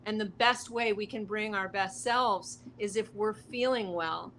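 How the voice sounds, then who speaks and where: A woman's voice: mid-range voice, measured pace, fairly bright tone, slight background noise. A woman speaking as a wellness guest on a talk show, passionate and heartfelt in an earnest motivational way.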